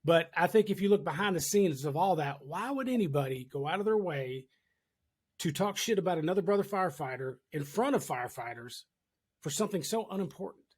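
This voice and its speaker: Firefighter guy telling a story on a podcast, kinda higher voice, swears a lot, real candid. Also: lively intonation, brisk, a little mellow, husky. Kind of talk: casual conversation.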